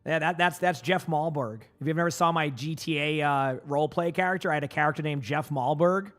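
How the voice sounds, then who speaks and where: High-voiced man rambling to his stream chat. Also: fairly quick, fairly bright tone. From Massachusetts. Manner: rambling, full of filler words, often answers chat. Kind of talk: casual live-stream chat.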